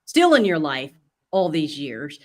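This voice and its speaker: A woman's voice: sits low, very animated, measured pace. Female interview host, attentive, reflective questioner. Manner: attentive, brief affirming murmurs, long reflective questions.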